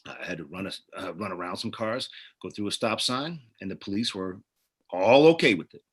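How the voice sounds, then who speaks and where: A man's voice: on the low side, brisk, breathy edge. A middle-aged actor and producer, a man, telling stories as a guest in a casual interview and acting out the people in them. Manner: animated, acts out the people in his stories.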